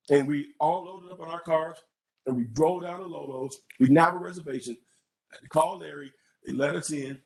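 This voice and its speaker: A man who is a candidate at a public college forum, answering an audience question with an animated story, often repeating words as he restarts. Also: fairly high pitch, creaky, low-quality recording.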